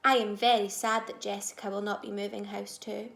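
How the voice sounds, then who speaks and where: A woman teacher reading a children's storybook aloud, expressive, moving between soft asides and loud moments. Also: mid-range voice, brisk, creaky, echoey room.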